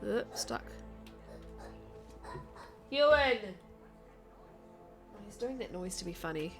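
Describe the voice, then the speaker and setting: A woman streaming a video game, chatting casually with her viewers and thinking out loud as she plays. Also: fairly low pitch, lively intonation, a little fast, soft background music. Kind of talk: casual chat while playing a game.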